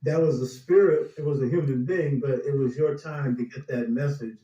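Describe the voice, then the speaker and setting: A man's voice: medium pitch, moderate pace, warm tone, echoey room, distant mic, lo-fi sound. A man in a conversational interview, reflecting on spiritual meaning and sharing his own stories.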